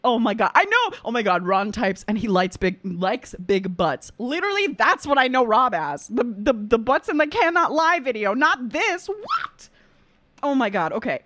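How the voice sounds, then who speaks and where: A young adult woman, an opera singer and vocal coach, reacting to a performance in casual commentary, excitable and full of exclamations while she breaks down vocal technique. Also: on the high side, normal speed, few pauses, no room sound.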